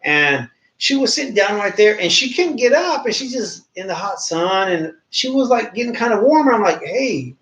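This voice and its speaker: A man's voice: big pitch swings, moderate pace, few pauses, a bit bright. A man in his thirties telling a story in casual podcast chat, acting out the quoted voices as he goes. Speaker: podcast co-host. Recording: roomy, dull low-fi sound.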